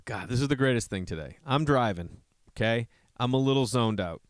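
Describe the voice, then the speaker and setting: Podcast host, male: animated, swearing storyteller who jumps into quoted voices, close and dry sound. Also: brisk, dry recording. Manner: animated, profane, acts out quotes in a higher voice. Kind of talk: rambling comedic storytelling.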